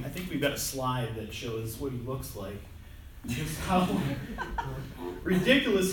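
A man's voice: mid-range voice, expressive, unhurried, long pauses, fairly bright tone. A man delivers a conversational sermon, self-deprecating and loose, often restarting his phrases. His voice sits in a middle register. The sound is distant and washed in heavy hall echo, with a faint hiss underneath. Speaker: preacher. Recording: echoey hall from far off, faint noise.

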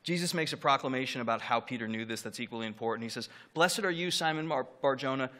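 Male pastor, bright forward tone, earnest emphatic sermon delivery. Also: medium pitch, fast. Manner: earnest, emphatic preaching with rising and falling emphasis.

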